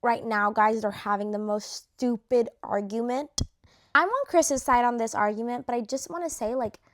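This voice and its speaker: A woman's voice: fairly high pitch, moderate pace. A young woman chatting casually to camera while ranking reality show contestants, full of fillers and slang.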